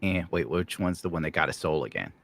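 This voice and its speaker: A man's voice: very deep voice, very animated, fast, gravelly, fairly bright tone, slight background noise. A man with a New York accent, joking and swearing in a casual podcast chat. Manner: jokey, swearing, bursts into mock voices.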